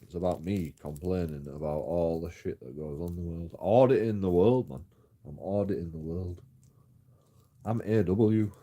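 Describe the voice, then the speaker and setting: A man's voice: low voice, normal speed, warm tone. A man ranting and complaining in a rambling story-time vlog, swearing often and trailing off into mumbles. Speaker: YouTube auditor vlogger.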